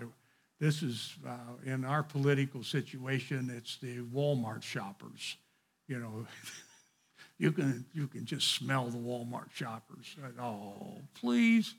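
A man's voice: mid-range voice, creaky, a bit bright, slightly rough. A man leading an informal Bible study, reading passages aloud and adding digressive, conversational commentary.

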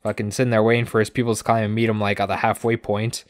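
A man's voice: lowish voice, level tone, no echo. Sarcastic man recapping a cartoon, dry sound. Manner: sarcastic, swears casually, acts out characters in quick asides. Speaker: podcast co-host recapping episodes. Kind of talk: casual comedic recap chat.

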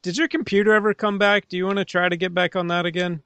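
A man's voice: sits high, little pitch movement, fast, sharp tone, clear, resonant tone, dry recording. A man co-hosting a podcast, chatting casually about a film with lots of fillers and easy laughs. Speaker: podcast co-host.

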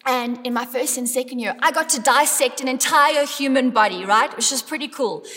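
A high-pitched woman, middle-aged, delivers a lively, emphatic sermon to her congregation. Her voice rings out with a long reverb in the church hall. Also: normal speed. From South Africa. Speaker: preacher.

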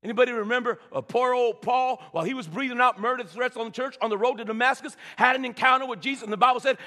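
A man's voice: extremely high pitch, fast, hardly any pauses, pushed and bright. A male pastor preaching a sermon, calling out to the congregation and stammering into repeated words as he builds. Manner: preaching with frequent stammered repeats and call-and-response. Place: church sanctuary. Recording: reverberant church hall.

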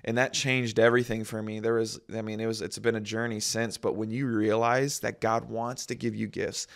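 A man's voice: fairly low pitch, little pitch movement, moderate pace, creaky. A man in casual faith talk, telling a personal story in a rambling, self-interrupting way.

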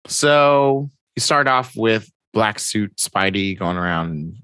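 A man's voice: fairly low pitch, lively intonation, slow pace, pushed and bright, a little hiss or hum. A man in casual chat, animatedly retelling a comic storyline and acting out the characters' lines.

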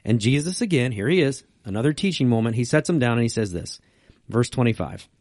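A man's voice: mid-range voice, animated, brisk, darkish tone, dry recording, clean studio sound. A man co-hosting a casual church talk, reading scripture and book quotes aloud. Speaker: co-host. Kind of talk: casual church podcast chat.

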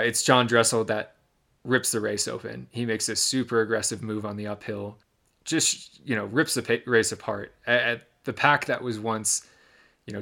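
Young guy from michigan, low and kinda gravelly, walking thru a race play by play on a podcast. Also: fairly bright tone. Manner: detailed, reflective race recap. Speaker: podcast co-host. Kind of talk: casual podcast storytelling.

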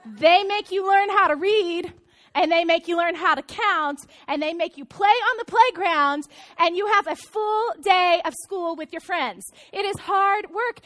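A woman in her thirties, a pastor giving a sermon in a church, telling stories in a lively, conversational way. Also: extremely high pitch. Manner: storytelling, animated, conversational. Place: church auditorium.

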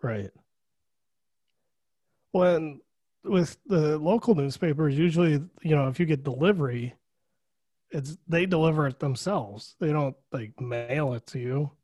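A man's voice: fairly high pitch, unhurried, pauses often, darkish tone, husky, dry recording. A man co-hosting a movie podcast in casual, chatty talk, filled with "like". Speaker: podcast co-host. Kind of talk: casual chat.

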